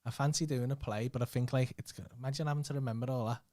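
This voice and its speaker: A man's voice: medium pitch, steady tone, quick pace, dark tone, no echo, studio quality. A man with a Scouse accent, hosting a casual podcast chat and teasing his guest with plenty of swearing and laughter. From Liverpool. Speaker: podcast host.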